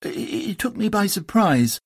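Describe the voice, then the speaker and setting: Casting: man voicing a timid little piglet, soft, higher and quieter, nervous stammer. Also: sing-song, moderate pace, slightly rough, heavily acted. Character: small timid male piglet. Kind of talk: storybook reading.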